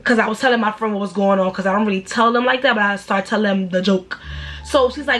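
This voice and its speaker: A young woman telling a storytime in a blunt, animated, slangy way, with sudden high exaggerated outbursts. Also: fast, faint music behind. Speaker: storytime vlogger. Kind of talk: casual storytime rant.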